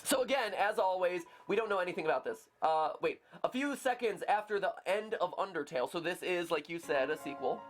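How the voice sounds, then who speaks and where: A man co-hosting a gaming livestream, playful and quick to exclaim. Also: high-pitched, animated. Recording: game stream with music behind.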